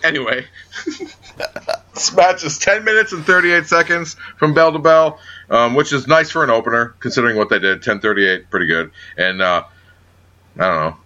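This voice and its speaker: A man co-hosting a casual wrestling podcast, talking in a profane, lively way and teasing his co-host. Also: mid-range voice, moderate pace. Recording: dull lo-fi audio.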